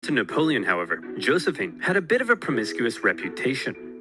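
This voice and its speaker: Man narrating comedy with lively voices. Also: mid-range voice. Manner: switches quickly between many silly voices. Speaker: cartoon narrator voicing all characters. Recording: clear music playing behind. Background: music.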